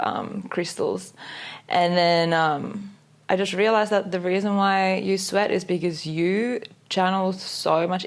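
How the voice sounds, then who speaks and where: A young woman with a slightly low voice chats casually on a podcast. She talks in loose, looping sentences packed with "like" fillers and little giggles. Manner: chatty, full of "like" fillers, giggly. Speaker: podcast co-host. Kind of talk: casual chat.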